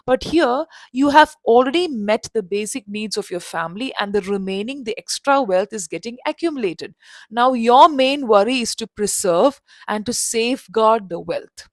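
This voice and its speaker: A woman voicing an old male professor who lectures in a calm, dismissive way. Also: on the high side, moderate pace, no room sound, natural voice. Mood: lecturing.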